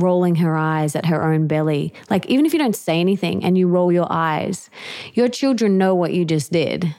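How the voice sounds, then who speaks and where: A woman's voice: lowish voice, a little fast. A woman author as an interview guest, talking in an earnest, emphatic way. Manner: earnest, emphatic, with lively acted quotes. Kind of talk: conversational interview.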